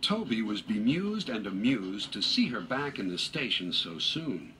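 A man reading a children's railway story aloud in an unhurried, expressive storybook manner. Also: lowish voice, a little hiss or hum. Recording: music bed under narration.

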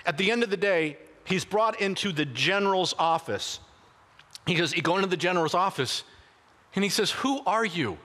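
Bright-voiced preacher in a reverberant church. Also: male voice, high-pitched, normal speed. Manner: animated anecdotal retelling with frequent restarts. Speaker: pastor. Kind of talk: sermon storytelling. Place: church sanctuary. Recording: long reverb of a church hall.

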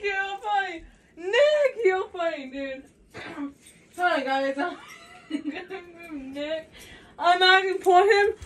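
A woman vlogging to her phone in a giggly, excitable way, calling out to her viewers over and over. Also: very high voice, distant mic. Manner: giggly, excitable, keeps saying "you guys". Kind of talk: casual phone vlog. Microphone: phone set down nearby.

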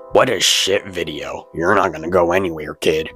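A man's voice: sits low, fairly even intonation, moderate pace, few pauses, a bit bright, faint music behind. A man hosting his own channel, reading hate comments aloud and ranting back at them in a boastful, mocking and profane way.

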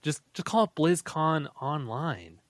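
A man co-hosting a casual gaming podcast, speaking in a halting, wry way. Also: on the high side, expressive, no echo, studio quality. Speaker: podcast co-host.

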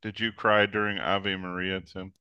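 A man's voice: low voice, level tone, normal speed, pushed and bright, smooth, muffled recording. A man co-hosting a podcast, chatting casually and tossing in short wisecracks. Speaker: podcast co-host. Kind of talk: casual chat.

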